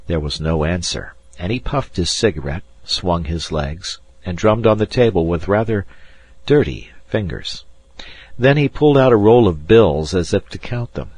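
A man reading a novel aloud as an audiobook narrator, unhurried and giving each character a voice. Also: deep voice, expressive, a little mellow, husky.

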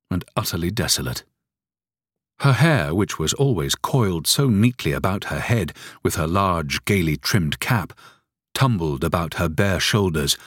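A man narrating an audiobook story in an expressive storytelling reading. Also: deep voice, no room sound, studio quality.

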